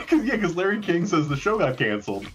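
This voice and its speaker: Excitable man with a very lively voice. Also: fairly high pitch, moderate pace, faint music behind. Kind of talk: casual chat.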